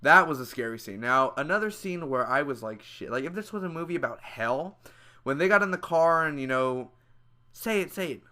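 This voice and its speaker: A young man giving a casual, loud and excitable spoiler review, full of slang, who acts out the scenes with high squeals and screams. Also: brisk. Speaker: movie reviewer.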